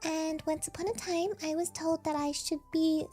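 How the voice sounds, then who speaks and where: A woman doing a high-pitched cute voice she made for streaming, explaining her voices. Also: flat delivery, moderate pace, warm tone, faint music behind. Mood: chatty. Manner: chatty, explaining.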